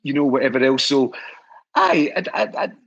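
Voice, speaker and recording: A man's voice: mid-range voice, huge pitch swings, moderate pace, gravelly, a bit bright, husky, highs cut off. A Scottish man, a guest who heads a historical society, telling stories in an enthusiastic, rambling way with many restarts. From Scotland. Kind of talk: casual storytelling chat.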